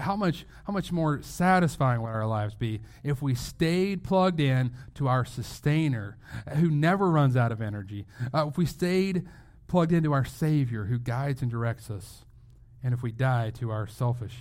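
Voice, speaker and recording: A man's voice: medium pitch, lively intonation, normal speed, darkish tone. A male pastor giving a sermon in a conversational way, asking rhetorical questions and restarting phrases as he goes.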